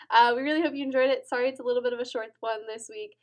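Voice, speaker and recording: A woman co-hosting a casual podcast reads the outro in an upbeat, teasing manner. Her voice is high and she talks very fast.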